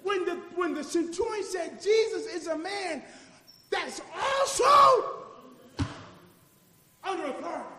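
A man preaching a call-and-response sermon, shouting and half-singing his lines. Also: very high voice. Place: church. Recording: echoey church hall with music and congregation.

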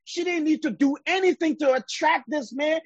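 High-voiced woman teaching scripture. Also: normal speed, slight background noise. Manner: reads scripture aloud, then explains it emphatically. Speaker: Bible teacher. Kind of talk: sermon-style Bible study. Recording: dull, lo-fi sound.

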